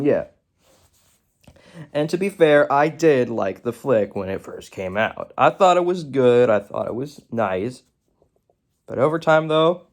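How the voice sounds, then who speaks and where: A man reviewing a movie in a casual, rambling way, stumbling over words and correcting himself as he goes. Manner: rambling, with self-corrections and asides; very animated pitch swings.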